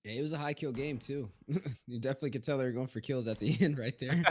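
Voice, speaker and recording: A man with a middle-pitched voice casts a live esports match. He breaks down picks and bans and puts questions to his co-casters. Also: quick pace, a little mellow. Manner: analytical, asks co-casters questions.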